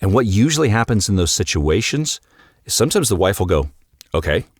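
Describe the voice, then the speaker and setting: A man's voice: fairly low pitch, very animated, brisk, husky, no echo, studio quality. A man hosting a solo podcast, talking directly and coaching his listeners, often acting out bits of dialogue. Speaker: podcast host and marriage coach.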